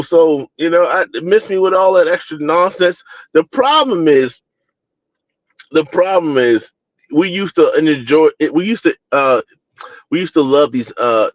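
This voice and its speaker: Man from baltimore, wrestling review co-host, fairly high voice, casual and animated, dull dry recording. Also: no echo. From Baltimore, USA. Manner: animated, many fillers and restarts, mocking asides. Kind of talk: casual opinionated review chat.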